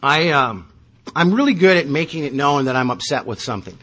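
A man's voice: a little high, animated, fairly quick, a bit bright. A man in his thirties telling his recovery story at a meeting, wry and self-mocking. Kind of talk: personal testimony with self-deprecating humor.

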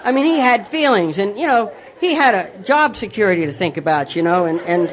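A man's voice: high voice, animated, fairly quick, a faint crowd, slight background noise. A man telling a personal recovery story in a rambling way, full of restarts and self-mocking humor. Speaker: speaker sharing his recovery story.

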